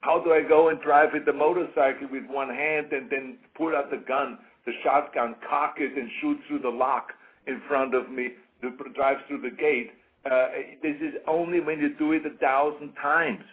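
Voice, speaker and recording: A man's voice: a little high, steady tone, moderate pace. A man giving an interview in a casual, emphatic way, repeating his points over and over. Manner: emphatic, repeats points, acts out quoted voices. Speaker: interview guest. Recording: tinny phone-like radio sound.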